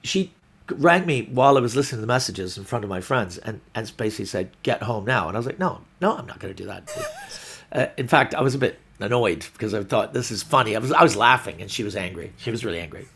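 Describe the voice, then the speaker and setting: Gravelly man telling a rambling story. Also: lowish voice, quick pace. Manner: rambling, animated storytelling with restarts and acted-out quotes. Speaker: comedian. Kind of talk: storytelling on a podcast.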